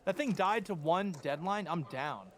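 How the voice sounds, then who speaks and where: A man playing a game on a livestream, excitable and swearing in casual chat. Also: high voice, normal speed, a little hiss or hum. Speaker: co-player on a livestream.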